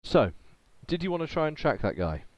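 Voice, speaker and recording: A man's voice: fairly high pitch, very animated, brisk, a little hiss or hum. A man acting as game master, chatting and laughing as he runs a tabletop game on a voice call. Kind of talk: running a tabletop game over voice chat.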